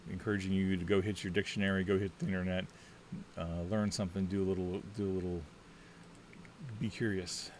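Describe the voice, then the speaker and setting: A man casually talking through a solo tabletop game, thinking out loud and rambling with lots of fillers. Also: low voice, level tone, a little fast, slight background noise.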